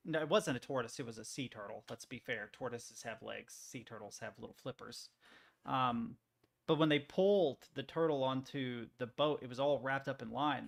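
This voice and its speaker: A man's voice: medium pitch, a bit bright. A young man streaming, chatting casually and reacting to articles, swearing freely and rambling through stories. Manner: profane, rambling, easily amused.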